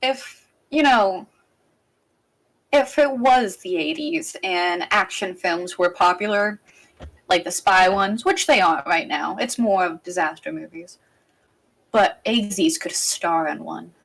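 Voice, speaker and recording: A woman's voice: lowish voice, slow, vocal fry, rough recording. A woman narrating a tabletop game as game master, in a casual and rambling way. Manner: casual, rambling, with frequent restarts.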